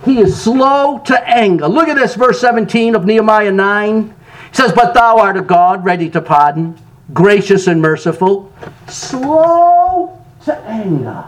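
A man preaching a sermon, jumping from loud exclamations to soft asides and laughing between phrases. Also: high-pitched, normal speed, rough recording. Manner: animated preaching, sudden loud rises and soft drops. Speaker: pastor.

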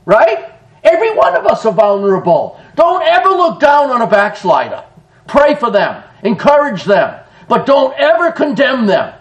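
Guy preaching to the folks, pretty high voice, lots of laughs. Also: unhurried. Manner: animated preaching, laughs often, addresses listeners as folks. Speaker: pastor. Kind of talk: sermon.

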